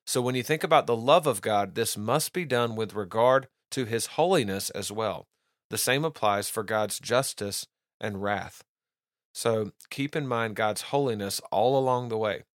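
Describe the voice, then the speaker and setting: A man's voice: lowish voice, a little slow, no echo, studio quality. A man hosting a podcast, teaching doctrine in an earnest, casual monologue, often restarting and repeating words and reading quotes aloud.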